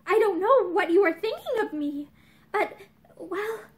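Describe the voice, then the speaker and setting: A woman's voice: extremely high pitch, expressive, unhurried. A woman voicing a weary, guarded young woman of little means who speaks tiredly and with distress.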